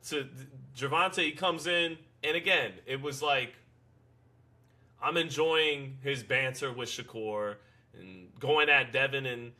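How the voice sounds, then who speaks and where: A middle-aged man hosting a casual boxing talk show, rambling and opinionated. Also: medium pitch. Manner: rambling, laughing, doing loud announcer impressions. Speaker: podcast host.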